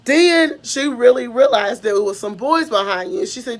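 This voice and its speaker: A woman's voice: fairly high pitch, moderate pace. A young woman, rambling through a personal story and correcting herself as she goes. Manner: rambling, self-correcting, emotional retelling.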